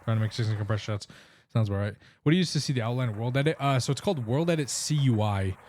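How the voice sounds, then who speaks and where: A man's voice: mid-range voice, rapid-fire, darkish tone, a little hiss or hum. A man with an Indian accent streaming a game, explaining plans in a rambling, casual way. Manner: rambling, restarts sentences while explaining plans. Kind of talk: casual live-stream chat.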